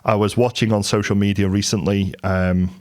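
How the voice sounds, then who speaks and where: Low-voiced man giving candid advice. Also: little pitch movement, moderate pace, a little mellow. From England. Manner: candid, conversational storytelling. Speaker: business and property coach. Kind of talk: motivational talk to camera.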